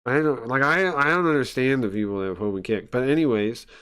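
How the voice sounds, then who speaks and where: A man's voice: mid-range voice, fast talker, fairly bright tone, clear, resonant tone. A man streamer ranting live, heated and profane, with stumbling restarts and scoffing laughs. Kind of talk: profane livestream rant.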